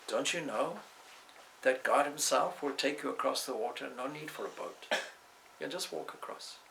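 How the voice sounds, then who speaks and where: A man's voice: medium pitch, moderate pace, vocal fry, bright, forceful tone, a little hiss or hum, voice pushed up, poor audio. A man voicing a pompous male priest-scholar who scolds and lectures with scorn, inside a spoken story. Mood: scornful.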